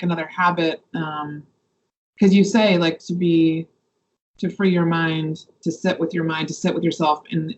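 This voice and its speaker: A woman's voice: fairly low pitch, a little mellow, dull audio. A woman co-hosting a podcast, asking a question hesitantly as she thinks it through aloud. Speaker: podcast co-host. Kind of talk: casual interview conversation.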